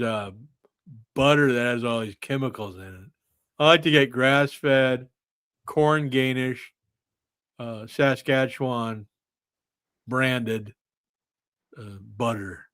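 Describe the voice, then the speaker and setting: A man's voice: mid-range voice, slow, pauses often, fairly bright tone, clean tone, no echo. A man hosting a casual podcast, rambling off into absurd tangents. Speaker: podcast host.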